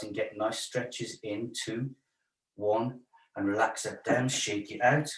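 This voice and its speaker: A man leading a stretch class, chatty and joking while he counts the holds. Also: medium pitch. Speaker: fitness instructor. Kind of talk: guided stretch class instruction. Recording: roomy sound from a distance.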